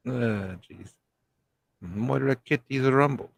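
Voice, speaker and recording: A man's voice: medium pitch, sharp tone, no echo. A man bantering on a live stream, jokey, laughing a lot and trying out silly voices.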